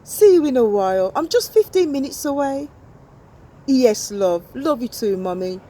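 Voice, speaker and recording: A woman's voice: sits high, lively intonation, moderate pace, warm tone. A woman voicing a sweet teenage girl talking to her mother on the phone.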